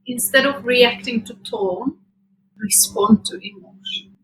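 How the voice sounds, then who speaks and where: A woman hosting a parenting show, giving scripted advice in a calm, measured, reassuring way. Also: on the high side, slight background noise, rough recording. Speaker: podcast host.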